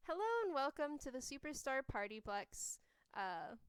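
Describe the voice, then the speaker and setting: A woman's voice: high voice, expressive, normal speed, clear, resonant tone, dry recording. A woman voicing a weary female animatronic waitress on roller skates, speaking in polite scripted service phrases.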